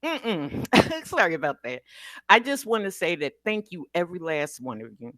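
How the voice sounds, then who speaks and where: A woman's voice: fairly low pitch, very animated, moderate pace, fairly bright tone, no room sound. An American woman calling in to an online talk show and giving an emotional speech with a preacher-like cadence. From United States. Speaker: caller. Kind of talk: impassioned call-in speech.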